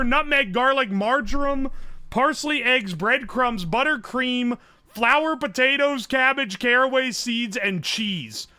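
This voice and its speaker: A man's voice: extremely high pitch, sharp tone, no echo. A young man streaming live, swearing, joking and thinking aloud as he guesses. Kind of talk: casual livestream commentary.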